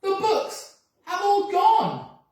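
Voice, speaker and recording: A school reader voicing an excited young boy from a picture book, recorded from a distance in an echoey room. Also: very high voice, drawn-out words, voice pushed up, exaggerated voice. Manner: shouting, excited. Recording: echoey room, mic far off.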